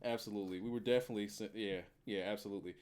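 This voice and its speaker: A man's voice: fairly low pitch, racing. A man reviewing a wrestling show in a casual, profane chat, laughing often. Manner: animated, profane, laughs a lot.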